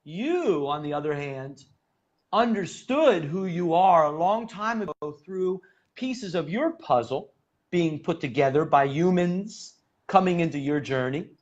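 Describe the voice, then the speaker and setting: A man hosting an interview, speaking slowly and emphatically and praising his guest. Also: a little high, expressive. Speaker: interview host. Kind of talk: interview conversation. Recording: dull lo-fi audio.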